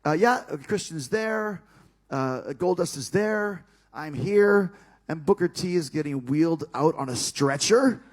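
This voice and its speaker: A man casually telling a backstage story, animated and profane, acting out the other people's lines. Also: on the high side, a little slow. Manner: animated and profane, acts out dialogue.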